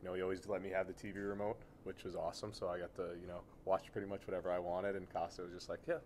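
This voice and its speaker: Low-voiced young hockey player, rambling. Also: male voice, very fast, a little hiss or hum. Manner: relaxed and rambling, full of "you know" and "uh". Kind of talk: casual interview chat.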